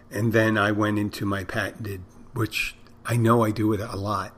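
A middle-aged man hosts a podcast in a loose, unscripted monologue, his voice fairly low, slightly bright, and moderately paced. He owns a restaurant, and he wanders through his stories with dry jokes, chuckling at himself along the way.

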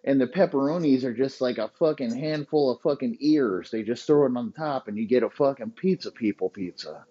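A man's voice: mid-range voice, brisk, few pauses, dark tone, breathy edge, highs cut off. A man hosting a podcast, ranting in crude, rambling riffs and laughing at his own jokes. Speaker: podcast host. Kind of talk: profane comedic rant.

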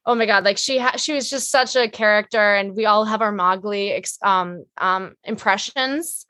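A woman guest on a podcast, an actress chatting casually in a rambling, animated way with lots of fillers. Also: mid-range voice, moderate pace, dry recording. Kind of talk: casual chat.

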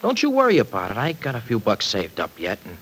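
An actor playing a brash, bitter young ex-con in a 1940s radio drama, talking in gruff slang. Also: male voice, on the low side, wildly swooping pitch, quick pace, fairly bright tone, exaggerated voice, rough recording. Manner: slangy, gruff, self-pitying talk. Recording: old radio recording with faint hiss.

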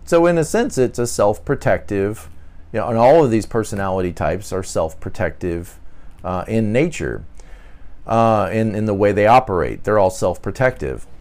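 A man's voice: fairly low pitch, lively intonation, normal speed, a little mellow. A man hosting a podcast, talking through a personality topic in an earnest, casual teaching monologue, often repeating words and briefly acting out the voices he quotes. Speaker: podcast host.

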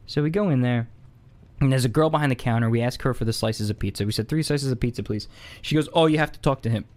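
Animated man telling a funny story. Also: medium pitch. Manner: animated, rising excitedly when impersonating locals; conversational with frequent fillers and asides. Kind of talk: casual comedic storytelling.

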